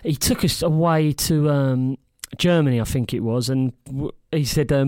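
A man's voice: medium pitch, normal speed, hardly any pauses. A man, a former footballer, telling rowdy anecdotes in a casual studio chat, swearing freely and laughing as he goes. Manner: animated, swears freely, laughs through his stories. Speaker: regular co-host, former footballer.

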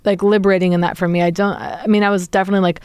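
A woman's voice: fairly low pitch, level tone, very fast, a little mellow, clear, resonant tone, no echo. A woman in her forties, chatting casually as a guest and rambling with lots of fillers. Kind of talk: casual conversation.

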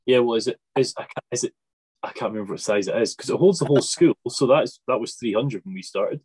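A man's voice: medium pitch, fast, a little mellow, husky. A young man in his twenties hosting a podcast, chatting and joking with a friend. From Scotland. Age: 20s. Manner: joking, teasing. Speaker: podcast host. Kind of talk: casual chat.

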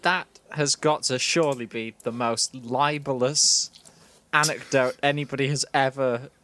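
A man's voice: medium pitch, fairly even intonation, unhurried, sharp tone. A man co-hosting a comedy podcast, teasing and incredulous in his banter. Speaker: co-host.

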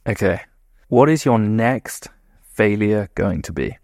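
A man hosting a podcast in a relaxed, chatty, self-deprecating way, asking questions and wrapping up the episode. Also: lowish voice, slow, dry recording, clean studio sound. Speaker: podcast host. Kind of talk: casual podcast chat and outro.

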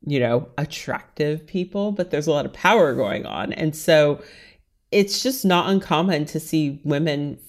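A woman from the Washington, D.C. area speaks as a guest in an interview, in a slightly low voice. She talks openly and casually about her own life and fills her sentences with "like.". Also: a little slow. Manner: frank, chatty, heavy use of "like". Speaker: interview guest, writer and stylist. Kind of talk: candid personal interview conversation.

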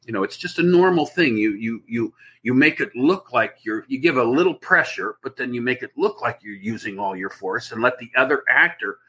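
Male actor guest, husky, intense edge; loose, rambling anecdote delivery. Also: mid-range voice, fairly quick, hardly any pauses. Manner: rambling, animated anecdote telling. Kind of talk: casual storytelling interview.

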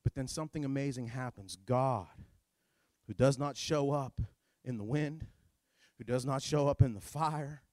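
A man preaching a sermon as pastor, with dramatic delivery that swings between hushed and shouting. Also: medium pitch, measured pace, dry recording, clean studio sound.

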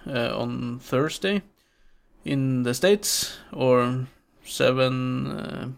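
Gravelly Norwegian man, hesitant podcast co-host. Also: medium pitch, drawn-out words. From Norway. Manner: hesitant, many "uh" fillers. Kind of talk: casual podcast chat.

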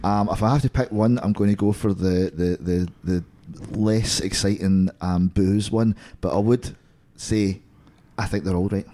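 A man joins a casual football podcast with a lowish, mellow voice. He is chatty and jokey and wanders into rambling asides as he talks. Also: steady tone, measured pace, hardly any pauses, a little hiss or hum. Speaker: podcast co-host.

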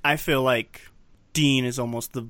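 A man's voice: mid-range voice, fairly even intonation, a little slow, sharp tone, no room sound. A man on a movie podcast who recaps scenes plainly and swears casually. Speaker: podcast co-host.

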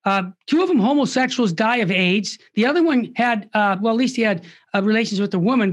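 An older man, a Catholic radio founder, telling stories with passion in an animated interview and acting out the people he quotes. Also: extremely high pitch. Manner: impassioned, acts out quoted voices.

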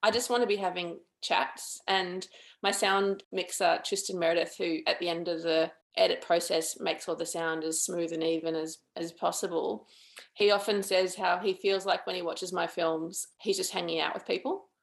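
A woman's voice: fairly low pitch, steady tone, moderate pace, vocal fry. A woman filmmaker being interviewed, speaking in a thoughtful, earnest and chatty way. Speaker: documentary filmmaker, guest. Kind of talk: interview conversation.

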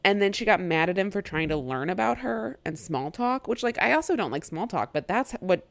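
A woman's voice: mid-range voice, lively intonation, brisk, creaky, no echo. A woman co-hosting a podcast in casual chat, who tells stories and acts out quotes in playful voices. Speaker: podcast co-host.

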